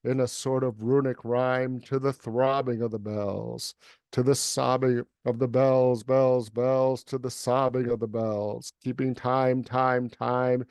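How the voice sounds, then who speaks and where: A man who is a poet and guest reader, reciting a poem in an even, unhurried way and then chatting casually over a video call. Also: medium pitch, smooth, no echo, studio quality. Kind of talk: poetry recitation and casual chat.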